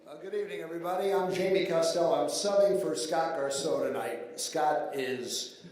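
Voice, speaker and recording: An older man from Baltimore emcees an awards dinner, telling stories and getting loud as he cheers on the guests. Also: fairly high pitch, moderate pace. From Baltimore, USA. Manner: storytelling, rising to loud cheering. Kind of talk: banquet emcee remarks. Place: large banquet hall. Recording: echoey banquet hall.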